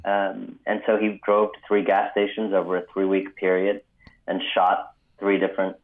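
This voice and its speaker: A man, an author guest on a radio interview, telling a story in a measured way with frequent ums. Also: deep voice, completely flat delivery. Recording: phone-line audio.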